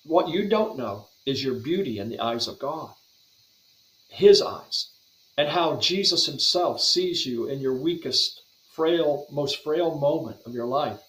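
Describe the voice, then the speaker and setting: Appearing as a podcast guest, a Bible translator delivers an earnest devotional teaching in a somewhat high, fairly bright voice with lively intonation at a slightly slow pace. His speech flows along with frequent small restarts and repeated words, and the recording carries a noticeable roomy echo.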